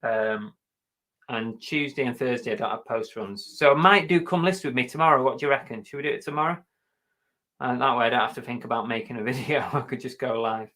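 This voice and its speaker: A man's voice: mid-range voice, a little fast, pushed and bright. A British man hosting a casual live stream, chatty and jokey, often poking fun at himself. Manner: chatty, jokey and self-mocking. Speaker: reseller live-streaming host.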